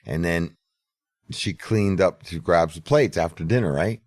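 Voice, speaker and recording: A man's voice: deep voice, unhurried, a little mellow, no echo, clean studio sound. A middle-aged man telling a casual, profane story as a podcast host. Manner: profane, laid-back storyteller.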